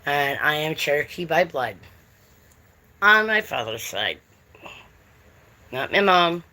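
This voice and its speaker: Slow, bright-voiced woman chatting live. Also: deep voice, sing-song. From United States. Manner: chatty, drawling, talks to chat readers by name. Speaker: livestream host. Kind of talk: casual livestream chat with viewers.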